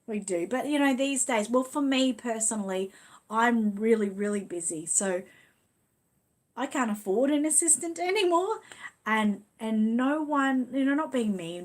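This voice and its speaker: A middle-aged Australian woman chatting casually on a livestream, rambling and cooing affectionately as she reads viewer comments. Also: mid-range voice. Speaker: livestream host.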